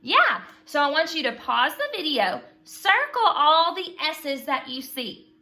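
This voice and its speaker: A woman teaching a phonics lesson to young children, patient and slow, prompting them to repeat sounds after her. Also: high-pitched, big pitch swings, sharp tone.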